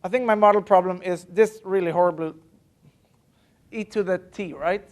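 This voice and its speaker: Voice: mid-range voice, moderate pace, darkish tone. A university math lecturer giving a live classroom lecture, talking casually with many fillers and restarts and stressing the key points. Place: lecture hall.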